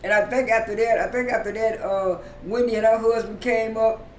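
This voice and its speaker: Halting high-voiced man recapping, echoey room. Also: steady tone. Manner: halting, many fillers and repeated words. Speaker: TV episode recapper. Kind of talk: casual spoken recap. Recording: roomy echo, distant mic, faint rumble.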